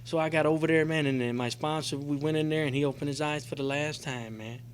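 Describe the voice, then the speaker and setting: A man's voice: fairly high pitch, fairly even intonation, quick pace, slight background noise. A middle-aged man giving an emotional, profane personal testimony to a recovery group, rambling and filling with "man" and "you know". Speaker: recovery convention speaker. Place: convention meeting room.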